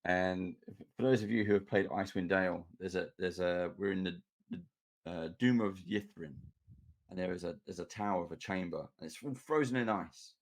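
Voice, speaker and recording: Gravelly-voiced man telling a game story. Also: low voice, normal speed. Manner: animated storyteller, laughs while recounting. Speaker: game master and podcast host. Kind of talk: casual chat and anecdote.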